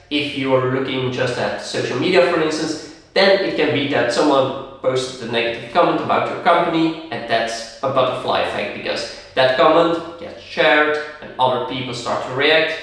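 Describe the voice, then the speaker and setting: A man's voice: fairly high pitch, fairly bright tone. A man hosting a podcast, explaining business ideas through examples and acted-out contrasts. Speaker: podcast host. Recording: very echoey room, distant mic.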